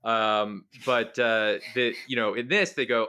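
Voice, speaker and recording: A man's voice: mid-range voice, fairly even intonation, measured pace, sharp tone, smooth. A man co-hosting a podcast in a casual, rambling way, full of hedges and fillers. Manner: rambling, hedging, heavy use of "like" and "you know". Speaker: podcast co-host. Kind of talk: casual chat.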